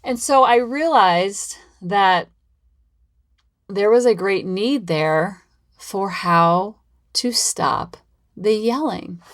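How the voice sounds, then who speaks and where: A woman with a fairly low voice hosts her own parenting podcast alone. She talks casually and keeps an upbeat, rambling flow, circling back over the same points again and again. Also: fairly bright tone. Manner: chatty, rambling and upbeat, with lots of repetition. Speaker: parenting coach and podcast host. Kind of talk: casual solo podcast talk.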